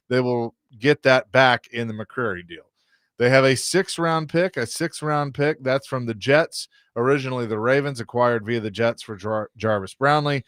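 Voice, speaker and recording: A man's voice: medium pitch, a bit bright, no room sound, clean studio sound. A man hosting a sports radio show, chatting casually, laughing easily and reading out news notes and draft-pick details.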